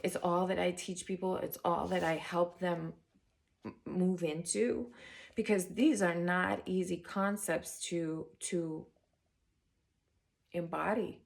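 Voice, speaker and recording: Woman, tarot reader and spiritual coach; unhurried, raspy-edged, chatty and excited with her viewers. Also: lowish voice. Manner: chatty and enthusiastic, addressing viewers as guys; drops to a whisper while turning cards. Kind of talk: casual tarot reading chat.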